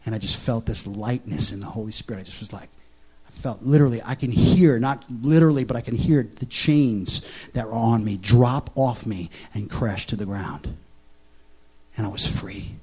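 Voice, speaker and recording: A man preaching a sermon, telling his own testimony and asking the congregation questions, swinging from loud excited storytelling to a hushed, soft confession. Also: fairly low pitch, moderate pace, slightly rough. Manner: asks the audience questions.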